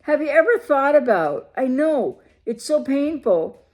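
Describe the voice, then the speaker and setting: Emphatic woman coach, slightly high voice. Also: very animated, a little slow, darkish tone. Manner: emphatic, full of rhetorical questions to the viewer. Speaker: relationship recovery coach. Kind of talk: direct-to-camera advice talk.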